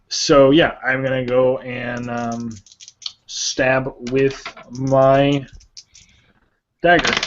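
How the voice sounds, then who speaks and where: A man playing at a tabletop game, chatting casually and thinking aloud with pauses. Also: medium pitch, dull audio, a little hiss or hum. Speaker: player.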